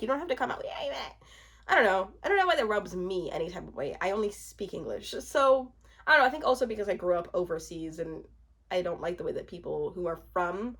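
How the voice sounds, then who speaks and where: A woman in her twenties giving casual, chatty commentary on a reality show, laughing often and trailing off into restarts. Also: medium pitch. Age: 20s.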